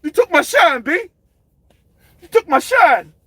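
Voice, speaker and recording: A man doing an impression of a brash, hot-tempered heavyweight boxer who yells profane taunts and swaggering boasts. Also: extremely high pitch, very animated, unhurried, dry recording, voice pushed up, heavily acted. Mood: aggrieved.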